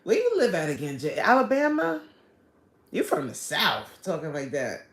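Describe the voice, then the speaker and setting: A woman's voice: deep voice, huge pitch swings, normal speed. Woman host, casual live-stream chatter, reads chat aloud, laughs a lot, roomy sound. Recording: echoey room.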